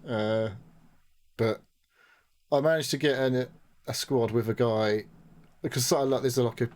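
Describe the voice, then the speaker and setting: A man's voice: medium pitch, a little fast, a little mellow. Rambling, swearing man on a podcast. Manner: rambling, swears a lot, acts out quotes. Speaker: podcast co-host. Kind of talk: casual gaming chat.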